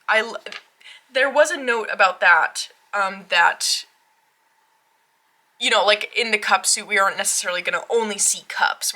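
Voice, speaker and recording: A woman gushing through a casual tarot deck walkthrough at home, excitable, with frequent gasps and fillers. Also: mid-range voice. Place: home tarot room, rain outside.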